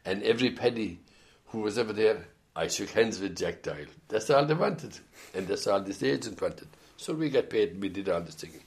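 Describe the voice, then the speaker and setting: Older irish guy, very deep voice, rambling through old stories, lots of restarts. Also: expressive, brisk, gravelly, few pauses. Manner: rambling anecdotal storytelling, hesitant restarts. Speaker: interviewee, former band musician. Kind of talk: oral history interview.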